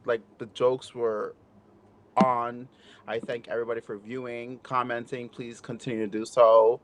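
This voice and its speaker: A man's voice: mid-range voice, little pitch movement, moderate pace, slight background noise. A man speaking as a panelist on a casual talk show, bubbly and enthusiastic. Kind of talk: casual chat.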